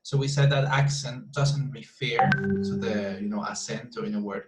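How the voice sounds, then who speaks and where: A man's voice: medium pitch, moderate pace, echoey room, over loud music, low-quality recording. A man leading an online English class, correcting students with frequent restarts and repeated words. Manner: repeats words while explaining, hesitant restarts. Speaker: English teacher.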